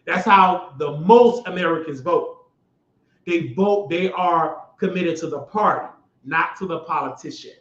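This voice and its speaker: High-pitched guy ranting on his stream, mocking, gets loud, roomy dull sound. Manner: loud, mocking, rising to shouts when worked up. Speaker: show host. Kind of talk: heated political commentary.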